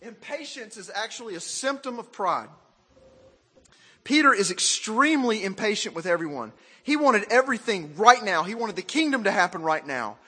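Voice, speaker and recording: A man from Arkansas, preaching a sermon in an animated, self-mocking way and asking the crowd questions. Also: high voice, moderate pace, husky, big-room sound. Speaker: pastor.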